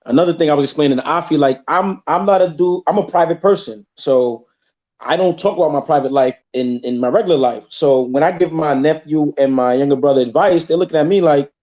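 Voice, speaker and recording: A man talking in a casual chat, animated and acting out other people's voices in his stories. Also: a little high, brisk. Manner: animated, acts out quoted voices. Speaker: podcast guest. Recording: dull lo-fi sound.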